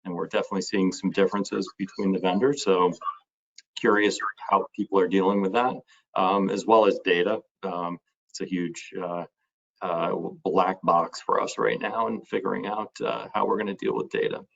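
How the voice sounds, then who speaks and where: A man introducing himself on an online panel, thoughtful and halting with many fillers. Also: low voice, fairly even intonation, gravelly, dull audio.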